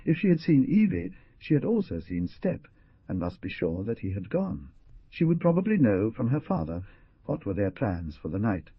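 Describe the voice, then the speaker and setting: A man narrating an audiobook with expressive, dramatic delivery, heard with a dull lo-fi sound. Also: medium pitch, moderate pace, slightly rough, dry recording. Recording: dull lo-fi dry recording.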